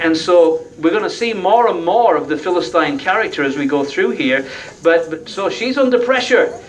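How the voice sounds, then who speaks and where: A man's voice: sits high, a bit bright, recorded from a distance, poor audio. A man preaching a sermon in a conversational, folksy way, often tagging his points with rhetorical questions.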